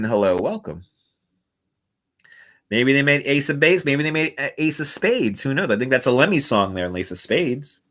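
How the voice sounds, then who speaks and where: A man's voice: mid-range voice, big pitch swings, normal speed, a bit bright. A man chatting playfully on a livestream, reading comments and laughing often. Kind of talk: casual live chat reading comments. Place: indoors at home. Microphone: wireless clip-on mic.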